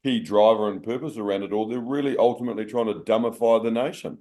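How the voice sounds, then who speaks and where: A man's voice: lowish voice, fairly even intonation, fast, mellow. A man with a New Zealand accent, a podcast guest in casual chat who stammers and repeats words as he starts his sentences.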